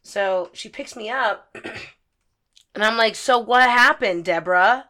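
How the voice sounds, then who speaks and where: A young woman co-hosting a podcast tells stories in loose, casual chat, animated and profane. Her voice is fairly high and her pace measured.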